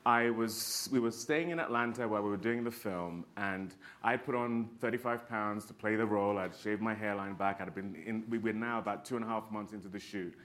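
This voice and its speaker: Bright-voiced man telling animated stories. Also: lowish voice, brisk, hardly any pauses. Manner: expressive, laughs often while telling stories. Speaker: actor panelist. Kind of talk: animated anecdotal storytelling. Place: panel stage.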